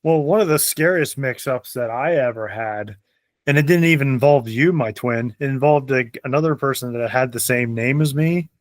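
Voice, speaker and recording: A man's voice: medium pitch, moderate pace, no room sound. A young man hosting a podcast, telling funny stories in casual chat and laughing often. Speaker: podcast host.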